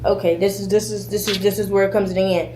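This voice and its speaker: A young woman tears through a heated rant at speed, swearing freely and acting out both sides of an argument. Her voice has a middle pitch. The sound is roomy and echoey, with a faint hiss underneath. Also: level tone, fast talker, mellow. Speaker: streamer telling a story in a clip. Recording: echoey room with faint noise.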